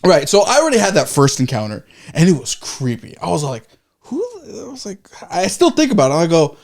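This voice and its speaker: With a fairly high, sing-song, slightly mellow voice, a male podcast co-host talks fairly quickly through a rambling story. He corrects himself, swears freely and acts out his own reactions in quoted asides during the casual chat.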